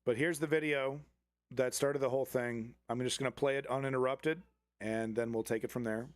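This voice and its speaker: Male streamer reacting to a clip, blunt and profane, mid-pitched, dry close sound. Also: fairly even intonation, moderate pace, dry recording. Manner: blunt and profane, with frequent restarts. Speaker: live news commentary host. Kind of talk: casual live-stream commentary.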